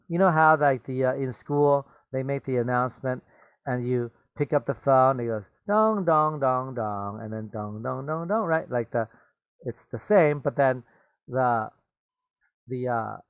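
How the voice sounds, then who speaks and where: Slow, patient man teaching vocabulary. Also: medium pitch, clear, resonant tone, no echo, dull audio. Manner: patient, explains words slowly with checking questions. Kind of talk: reading a story aloud and explaining vocabulary.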